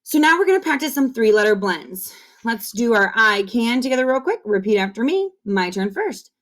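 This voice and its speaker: A woman teaching kindergarten phonics on video, drilling sounds slowly and cheering the children on. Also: a little high, big pitch swings. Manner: slow, encouraging call-and-repeat drilling. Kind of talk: online phonics lesson. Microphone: camera facing the speaker.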